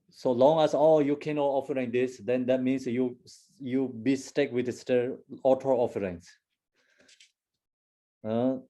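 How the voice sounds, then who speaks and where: A man giving a Buddhist teaching in halting, broken English, full of fillers and restarts. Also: a little high, mellow. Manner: second-language English with broken grammar. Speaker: dharma teacher.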